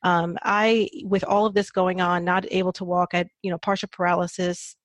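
Woman guest on a podcast, lowish voice, candid and reflective, lots of ums and little laughs, dry sound. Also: little pitch movement, brisk, no room sound. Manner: reflective, frequent fillers and laughs. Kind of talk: candid personal storytelling.

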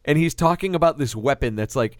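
A man hosting a casual movie review podcast, animated, laughing often and swearing casually. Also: fairly high pitch, a little fast, dry recording, studio quality. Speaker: podcast host.

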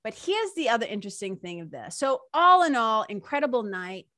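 A woman's voice: fairly high pitch, brisk, no echo, studio quality. A woman telling a personal story in a casual, emotional monologue, full of fillers and laughter. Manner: animated, emotional, many fillers like "like" and "you know"; breaks into laughter. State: emotional, near tears.

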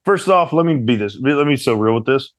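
A young man co-hosting a casual relationship chat with his partner, teasing and animated as he tells stories. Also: medium pitch, quick pace, no room sound. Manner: playful, teasing, animated storyteller. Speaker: podcast co-host.

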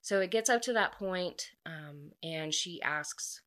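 A woman's voice: fairly low pitch, slow. A woman casually recapping a book's plot, chatty and full of asides, acting out bits of the characters' dialogue. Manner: acts out dialogue in lively quoted bits. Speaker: book reviewer.

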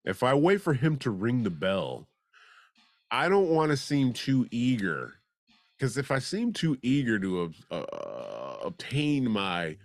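A man's voice: lowish voice, vocal fry, dry recording. A man hosting a comedy news show, reading odd stories and breaking off for sarcastic, wisecracking asides. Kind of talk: joking news commentary.

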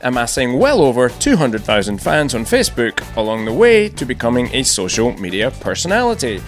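A man's voice: medium pitch, wildly swooping pitch, a little fast, faint music behind. A man hosting a podcast, reading a wry intro with self-mocking asides, then chatting casually with his guest. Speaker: podcast host. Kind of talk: scripted intro then casual interview chat. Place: large empty echoing conference room.

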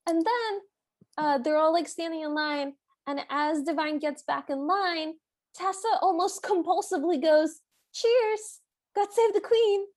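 A high-pitched woman chatting as a podcast co-host, playfully recapping a movie scene by scene. She slips into the characters' lines as she goes, with light laughter through her talk. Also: moderate pace. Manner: playful, acts out quotes with laughs. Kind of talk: casual chat recapping a movie.

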